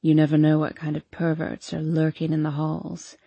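A woman voicing a low, bossy young man. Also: steady tone, unhurried, warm tone, no echo, dull audio. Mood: low teasing. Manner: low murmuring delivery.

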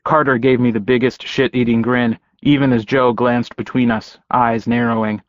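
A man reading a first-person novel aloud in a wry, deadpan way. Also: medium pitch, normal speed, no room sound, muffled recording. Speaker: audiobook narrator. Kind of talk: first-person audiobook narration.

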